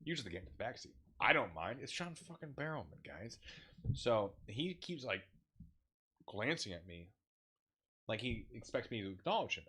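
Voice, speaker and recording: A man telling a story in a casual, animated way, laughing and swearing as he goes. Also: on the low side, normal speed, breathy edge.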